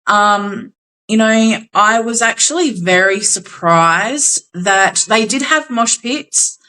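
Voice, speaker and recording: Bright, animated Australian woman. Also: mid-range voice, takes it slowly, rough recording. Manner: animated storytelling, swears casually, acts out quotes. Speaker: podcast co-host. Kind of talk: casual chat.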